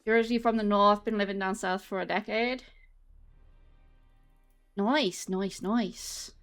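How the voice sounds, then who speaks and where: This English woman chats loosely and at length with her stream audience as she walks on a home treadmill. Her mid-range voice is steady and a little slow, with faint music behind her.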